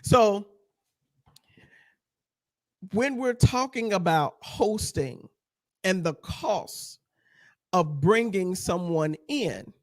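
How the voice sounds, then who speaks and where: Guy cohosting a faith talk, folksy and chuckly, high-ish voice, dry close sound. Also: animated, slow, no room sound. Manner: folksy, chuckling, addresses listeners directly.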